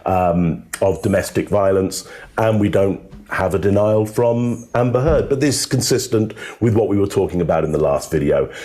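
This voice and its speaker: A man, a body language analyst, giving measured casual commentary on video clips with some filler words. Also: deep voice, expressive, mellow.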